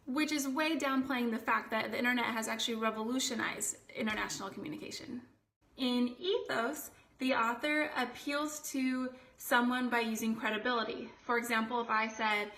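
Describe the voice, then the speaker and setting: A woman tutor giving an explanatory lesson, defining each term clearly and reading out quoted examples. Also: a little high, normal speed, pushed and bright. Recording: echoey room.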